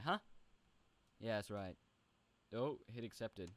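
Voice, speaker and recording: A young man chatting playfully while playing a role-play game, often jumping into high goofy bits. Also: expressive, a little slow, dry recording. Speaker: gaming video host. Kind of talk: casual role-play commentary.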